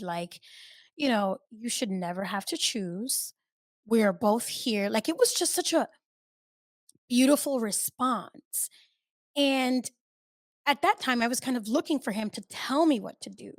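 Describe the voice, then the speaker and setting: A woman hosting her own podcast, talking in a candid, chatty way that swings between loud and soft and swears freely. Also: on the high side, no room sound, studio quality. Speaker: podcast host. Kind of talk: casual solo podcast chat.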